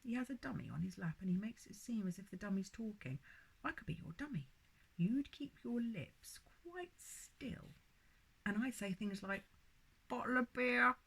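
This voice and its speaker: Lady reading as a smart-mouthed baby boy, dry and grumpy, husky soft voice, storybook. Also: mid-range voice, expressive, moderate pace, voice pushed up, full character voice. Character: clever talking baby boy, dry and testy.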